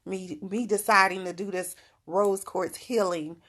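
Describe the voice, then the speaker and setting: A woman's voice: medium pitch, fairly even intonation, measured pace, fairly bright tone. A middle-aged woman giving frank, motherly spiritual advice in a casual livestream talk, laughing often.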